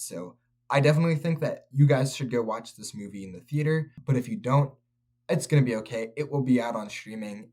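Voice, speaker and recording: A man's voice: medium pitch, a little mellow, slightly rough. A man reviewing a film for his channel, talking straight to his viewers in an earnest, preaching way. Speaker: faith-based film reviewer.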